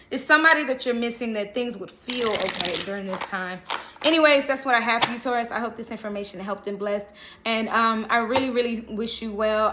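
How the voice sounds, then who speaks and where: A woman's voice: on the high side, bright, forceful tone, slight background noise. A woman giving a casual, reassuring tarot reading to camera, often checking in with "okay?". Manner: chatty, reassuring, frequent "okay?" check-ins. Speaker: tarot reader.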